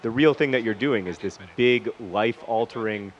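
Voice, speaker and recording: In a lowish voice at a moderate pace, a gaming video host rambles casually through a personal story. He stops mid-sentence now and then to comment on the match, and the audio is a dull lo-fi recording with faint hiss.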